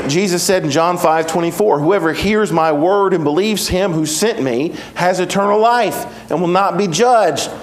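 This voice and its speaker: A man's voice: sits high, reverberant. A pastor in his forties preaching a sermon, earnest and emphatic, repeating key phrases for weight.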